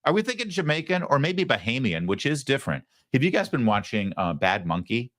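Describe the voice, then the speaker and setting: A man hosting a political talk show, giving mocking, animated commentary. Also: mid-range voice, brisk, no room sound, clean studio sound.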